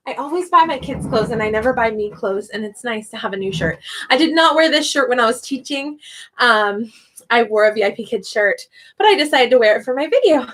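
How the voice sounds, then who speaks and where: A woman's voice: high voice, fairly bright tone. A young woman, an online English teacher, chatting casually on a livestream and thinking aloud with frequent laughs.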